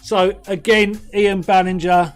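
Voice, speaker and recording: Chatty quiz host reading answers. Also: male voice, high voice, flat delivery, a little slow, faint music behind. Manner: chatty, jokey, lists viewers' answers by name. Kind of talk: live-streamed quiz hosting, reading chat answers.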